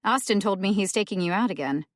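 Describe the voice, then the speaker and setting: A woman voicing a cheeky, scheming young woman who teases her older sister with a bright, high voice in an audiobook. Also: expressive, fast, no echo, studio quality, lightly acted. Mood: teasing. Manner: bright, teasing, pitched high.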